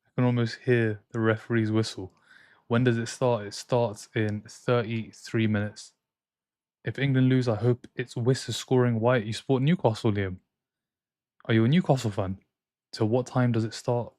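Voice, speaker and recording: A man's voice: medium pitch, steady tone, normal speed, a little mellow, dry recording, clean studio sound. A young man hosting a football watchalong stream, casually reading out viewer chat and giving strong opinions. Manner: reads out and answers viewer chat, opinionated banter. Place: home streaming room in France.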